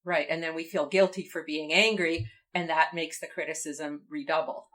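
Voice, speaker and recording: A woman hosting an interview, responding to her guest with warm, affirming comments. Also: low voice, steady tone, normal speed, poor audio. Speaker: podcast host. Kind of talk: interview conversation.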